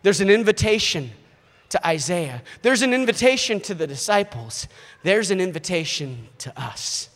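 Brief: male preacher in his thirties, high voice, lively delivery, reverberant church hall. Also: normal speed. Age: 30s. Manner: animated, acts out quoted voices. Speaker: visiting missionary preacher. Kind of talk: sermon.

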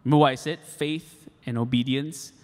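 A man's voice: medium pitch, steady tone, moderate pace, a little mellow. A man preaching a sermon as a pastor, repeating key points for emphasis, in an echoey church hall.

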